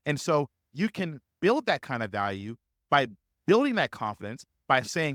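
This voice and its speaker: A man's voice: mid-range voice, big pitch swings, normal speed, fairly bright tone, no room sound, studio quality. A man teaching sales as a coach in a live webinar, speaking emphatically and repeating key phrases to drive points home.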